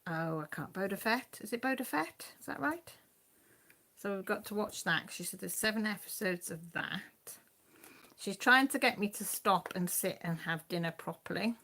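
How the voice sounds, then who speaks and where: Filming on her phone at home, a crafting channel host chats casually with viewers and her dog during a live stream. Her mid-range voice is animated and sharp in tone, moving at a moderate pace.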